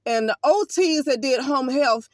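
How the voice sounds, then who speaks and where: A high-pitched woman talks bluntly and emphatically in a casual vlog monologue. She speaks as an occupational therapist from Alabama, and her speech is peppered with profanity. The recording is dry and close. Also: expressive, a little slow, no room sound.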